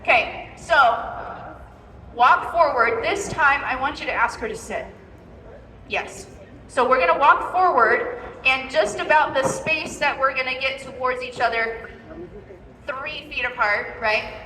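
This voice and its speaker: Bright-voiced woman dog trainer, echoey hall. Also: high-pitched, measured pace, pauses often, far from the mic. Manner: instructive, repeats "okay?" to check in. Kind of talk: live training demonstration. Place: large indoor expo hall.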